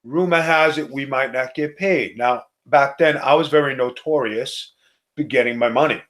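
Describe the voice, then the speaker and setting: A middle-aged man from Staten Island, telling a profane, animated wrestling story in a casual chat. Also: medium pitch, normal speed. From Staten Island, New York. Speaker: co-host, former wrestler.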